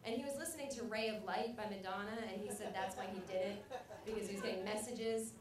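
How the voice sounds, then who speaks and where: A young woman doing a stand-up set, rambling and self-mocking with loud acted outbursts. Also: medium pitch, quick pace, recorded from a distance, crowd noise. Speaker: stand-up comedian. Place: comedy club stage. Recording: echoey club recording from afar.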